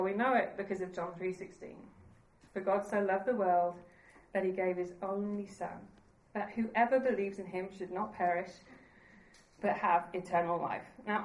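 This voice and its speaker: Woman preaching in an echoing hall. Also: lowish voice. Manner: earnest, conversational, laughs at herself. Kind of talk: sermon.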